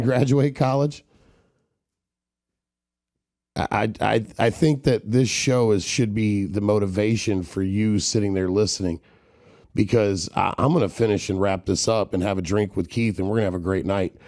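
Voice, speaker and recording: Host, lowish mellow male voice, blunt and profane, fires questions straight at listeners, dry close sound. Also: moderate pace, dry recording. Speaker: podcast host. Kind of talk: motivational interview talk.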